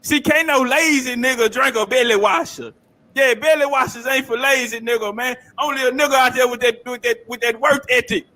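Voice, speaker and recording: A man with a very high voice reacts to a clip. He talks in a loud, profane, rambling way, breaking into laughter often. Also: fairly quick. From South Carolina. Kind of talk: casual reaction commentary.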